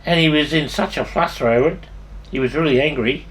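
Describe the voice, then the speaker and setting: Older man, Australian accent, fairly high voice, rambling anecdotes, swears a lot, restarts his sentences. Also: a little fast, a bit bright. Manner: swearing freely, restarting sentences, laughing at his own stories. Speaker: storyteller.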